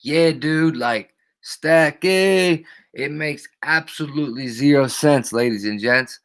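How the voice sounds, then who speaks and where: A man's voice: on the high side, slow, a bit bright. A man hosting a live stream, ranting casually and profanely and greeting his chatters by name.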